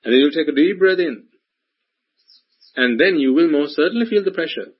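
A man's voice: a little high, lively intonation, normal speed, slightly rough. A man giving a Buddhist dharma talk, repeating himself and asking rhetorical questions, on a dull lo-fi recording. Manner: repetitive, full of rhetorical questions. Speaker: Buddhist teacher.

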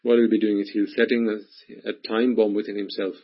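Husky man preaching with repetition. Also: lowish voice, little pitch movement, a little fast. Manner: emphatic, repetitive, addresses the listeners directly. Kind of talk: sermon. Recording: dull lo-fi recording.

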